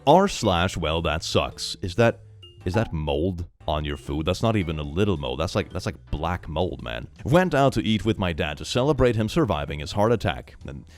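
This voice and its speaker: A man's voice: low-pitched, big pitch swings, normal speed, faint music behind. A man hosting casual comedy reaction commentary, sarcastic and laughing often. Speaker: host.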